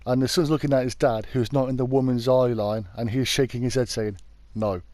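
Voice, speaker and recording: A man's voice: medium pitch, steady tone, a little fast, darkish tone, no echo. A British man hosting a true crime video, telling a story in a chatty, informal way and often backtracking to correct himself. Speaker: YouTube true crime host. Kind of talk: casual storytelling narration.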